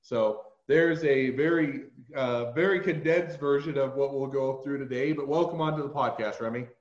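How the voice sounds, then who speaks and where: Podcast host: American man with a Utah accent, mid-pitched, chatty and digressive, muffled echoey audio. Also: moderate pace. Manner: rambling, filler-heavy, digressive. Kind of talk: casual interview chat.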